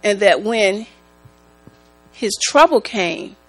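A woman giving a church testimony, speaking in a slow, halting, emotional way. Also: mid-range voice, poor audio. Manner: slow, halting, emotional, prone to rising excitement. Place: church sanctuary. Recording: mains hum in the background.

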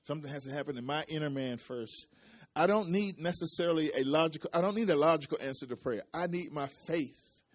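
A man preaching, repeating phrases and asking the congregation for responses as his intensity rises and falls. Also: a little high. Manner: repetitive, call-and-response preaching with rising and falling intensity. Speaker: pastor. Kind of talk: sermon.

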